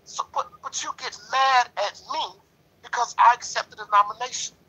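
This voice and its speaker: A man's voice: extremely high pitch, normal speed, bright, forceful tone, husky, rough recording. A man in a lodge discussion talking in a preachy, emphatic way, repeating himself and leaning on "you know". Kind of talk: passionate casual discussion.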